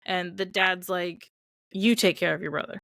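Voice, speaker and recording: A woman's voice: fairly low pitch, fairly even intonation, moderate pace, gravelly, a bit bright, no echo, clean studio sound. A woman co-hosting a movie podcast, retelling film scenes in casual chat full of "like" and acted-out quotes. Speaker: podcast co-host.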